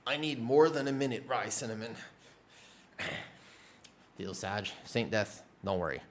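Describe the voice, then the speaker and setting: A man's voice: fairly low pitch, animated, measured pace. A man streaming, chatting casually with viewers, rambling and self-deprecating, swearing casually.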